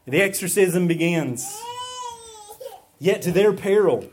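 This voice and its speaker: A man's voice: fairly high pitch, unhurried, long pauses, darkish tone, a little hiss or hum. A man preaching an expository sermon, asking rhetorical questions and using frequent fillers. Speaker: pastor.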